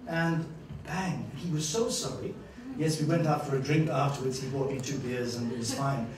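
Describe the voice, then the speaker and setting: A man giving a master-class lecture to students, an animated storyteller who acts out scenes and laughs often. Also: medium pitch, normal speed, a little hiss or hum. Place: university lecture room. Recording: echoey hall, distant mic.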